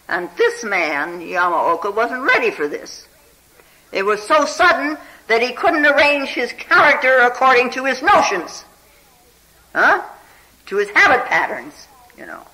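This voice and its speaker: A meditation teacher's talk with a bright, keen tone and a voice that swoops freely up and down. The delivery is unhurried and chatty, full of "you know" and little questioning "huh?" prompts to the listeners. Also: mid-range voice, low-quality recording. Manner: often checks in with listeners with "hmm?" and "huh?". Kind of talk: spiritual talk telling a Zen story.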